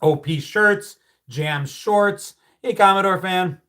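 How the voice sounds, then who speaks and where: A man's voice: sits high, takes it slowly, pushed and bright. Chatty middle-aged man telling stories. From United States. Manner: storytelling, reads out viewer comments, swears casually. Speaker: livestream host. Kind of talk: casual livestream chat.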